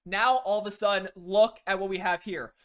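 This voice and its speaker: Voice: medium pitch, steady tone, normal speed, a bit bright. A game coach giving a casual spoken lesson, rambling with lots of "you know" and frequent restarts.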